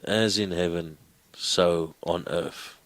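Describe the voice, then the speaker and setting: A man's voice: low voice, fairly even intonation, slow, a bit bright, no echo, poor audio. A man teaching a Greek class, coaxing students with questions. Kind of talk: classroom lecture.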